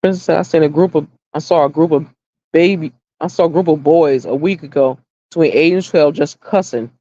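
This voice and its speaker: A middle-aged woman's low, dark voice comes through muffled over faint background noise as she talks fairly quickly. She's hosting a casual livestream chat, telling stories bluntly, swearing openly, and repeating herself to drive points home.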